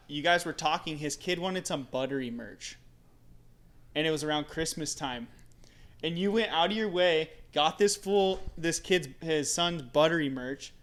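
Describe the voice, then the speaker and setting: A man with a fairly high voice hosts a casual conversation. He jumps in often with quick jokes and questions. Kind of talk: casual chat.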